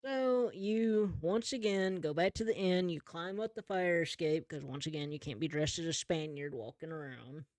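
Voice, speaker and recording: A man's voice: a little high, moderate pace, few pauses, no echo. Man narrating as game master. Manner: relaxed, chuckling narration.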